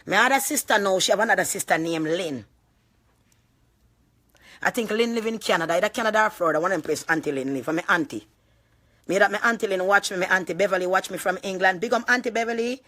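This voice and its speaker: A woman with a thick Jamaican accent vents on a live stream in heavy patois, cursing as she goes. Her delivery rambles and surges into loud, laughing outbursts. Her voice sits at a middling pitch for a woman. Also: quick pace. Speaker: vlogger. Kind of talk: emotional live-stream rant.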